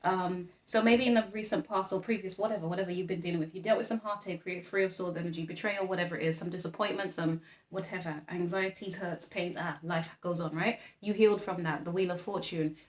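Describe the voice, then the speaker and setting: A woman reads tarot cards in a loose, chatty way, drifting into asides and quick apologies. Her voice sits on the lower side. The room around her is echoey. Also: fairly even intonation. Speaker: tarot reader. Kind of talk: casual tarot reading.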